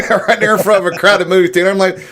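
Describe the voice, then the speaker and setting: A man's voice: high voice, little pitch movement, racing, fairly bright tone. A man in his thirties co-hosting a casual morning talk show, laid-back, laughing often and calling people "man". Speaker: co-host. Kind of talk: casual chat.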